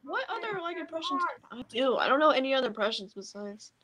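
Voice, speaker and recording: Excitable high-voiced woman. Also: fast, background noise. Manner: excitable, hesitant with fillers. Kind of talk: casual chat, playful skits.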